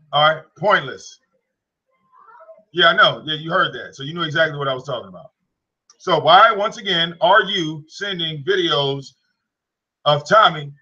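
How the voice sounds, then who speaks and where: A man's voice: fairly high pitch, pushed and bright, lo-fi sound. A man ranting casually as a streamer, rambling, repeating himself and mocking. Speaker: streamer commenting on a played call. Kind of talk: casual rant.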